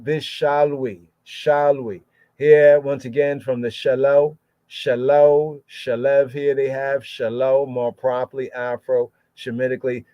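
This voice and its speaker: Slow, repetitive male scripture teacher. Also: fairly high pitch, darkish tone, no room sound. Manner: repeats words and phrases many times, sounding out terms. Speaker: Bible teacher. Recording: dull lo-fi podcast audio.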